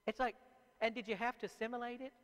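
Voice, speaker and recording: Guy with a pretty high voice, lively chatty storyteller talking to a crowd, big echoey hall. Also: fast. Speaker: author giving a talk. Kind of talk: speaking to a live audience.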